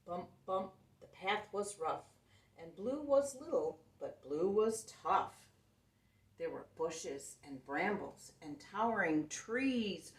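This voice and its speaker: A woman reading a children's picture book aloud in an expressive, sing-song way. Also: on the low side, slow pace. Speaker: children's storyteller. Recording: roomy sound, mic at a distance.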